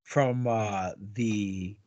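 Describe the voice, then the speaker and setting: A man's voice: on the low side, steady tone, drawn-out words, a little mellow, no echo, highs cut off. A man co-hosting a podcast, joking crudely in a loose, casual chat about a TV episode. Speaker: podcast co-host.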